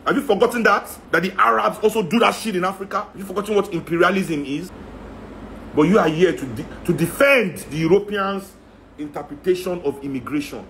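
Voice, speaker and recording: Heated Nigerian man, high voice. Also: a little fast, a bit bright, slight background noise. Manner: heated, rhetorical, repeating questions. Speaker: speaker in a talk. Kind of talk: impassioned rant.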